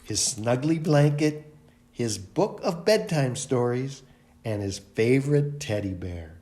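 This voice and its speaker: A man, a library director, reading a picture book aloud for a children's storytime in an expressive way. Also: medium pitch, slow pace.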